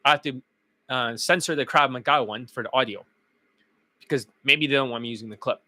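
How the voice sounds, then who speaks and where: A dating coach streaming live, lecturing bluntly and with heavy profanity, his voice getting hoarse. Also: medium pitch, fairly quick, sharp tone, dry recording. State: losing his voice. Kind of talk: livestream rant.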